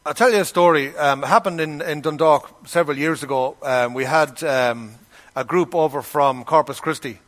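A middle-aged Irish pastor delivers a sermon in a relaxed, conversational way at a moderate pace, drifting into anecdotes and giving each person in them their own voice. His voice sits a touch higher than most men's.

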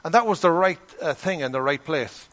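A middle-aged man with an Irish accent preaches in a relaxed, conversational way, sliding into anecdotes and giving the people in them their own voices. His voice sits a touch higher than most men's. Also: brisk. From Ireland. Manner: conversational storytelling, acts out quoted voices. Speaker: pastor. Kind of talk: sermon with storytelling.

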